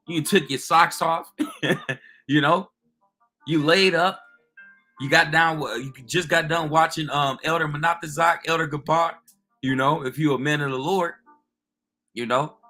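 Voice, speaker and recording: Host, American man: bright, forceful preaching rant, a little high, faint music underneath. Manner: emphatic, drawn-out, keeps ending lines with "man". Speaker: religious channel host.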